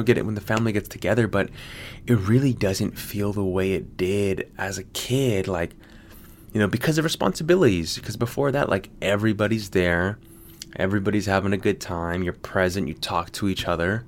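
A low-voiced American man hosts a podcast from Sydney, rambling casually with plenty of filler words and swearing. There's slight background noise.

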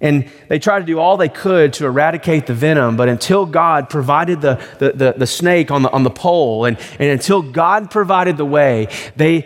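A man's voice: on the high side, moderate pace, hardly any pauses. Man preaching in a reverberant church. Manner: conversational storytelling preacher. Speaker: pastor. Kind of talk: sermon.

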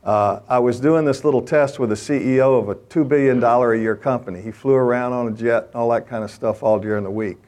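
A man's voice: medium pitch, fast talker, hardly any pauses, darkish tone. Older male speaker for a men's faith talk. Conversational storyteller, emphatic and direct. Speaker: speaker addressing a men's gathering.

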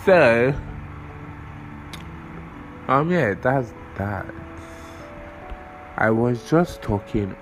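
A man's voice: mid-range voice, lively intonation, very slow, long pauses, a bit bright, soft background music, low-quality recording. A young man hosting a podcast, rambling casually, swearing often and losing his train of thought while he has a cold. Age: young adult. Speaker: podcast host.

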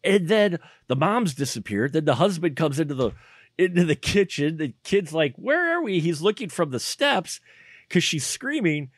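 A man co-hosting a casual podcast, excitedly recapping a bad movie scene by scene and laughing often. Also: fairly high pitch, moderate pace, dry recording. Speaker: podcast co-host.

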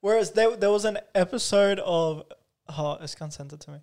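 A man's voice: high voice, moderate pace, darkish tone. A young man co-hosting a podcast in casual chat, teasing, swearing and laughing often. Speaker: podcast co-host.

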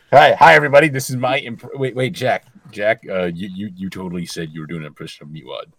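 A man's voice: sits low, brisk, a bit bright, husky, dry recording. A man co-hosting a comedy podcast, exasperated and repeating himself for comic effect. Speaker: podcast co-host. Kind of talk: casual comedy banter.

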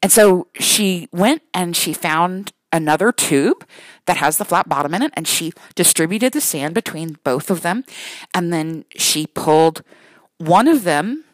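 Chatty mom with a lively voice. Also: female voice, lowish voice, measured pace, dry recording, poor audio. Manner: rambling with many restarts, self-deprecating, laughing. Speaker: mother telling a story. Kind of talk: casual storytelling.

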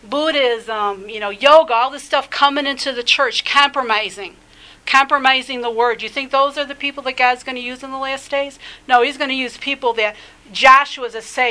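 A woman's voice: sits high, fairly even intonation, normal speed, sharp tone, poor audio. A woman rabbi preaching a sermon, fervent and exhorting, often restarting her sentences. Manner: fervent, exhorting, with many restarts and filler phrases. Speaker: rabbi preaching a podcast teaching.

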